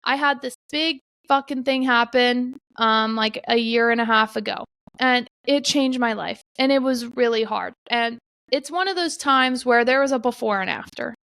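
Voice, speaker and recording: A young woman talks through a casual solo podcast in a high voice, candid and earnest. She swears often and repeats points for emphasis. The recording is dry and close on the mic. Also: normal speed, creaky, fairly bright tone, clean tone, dry recording. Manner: blunt, frequent swearing, emphatic repetition; earnest, confessional. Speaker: podcast host.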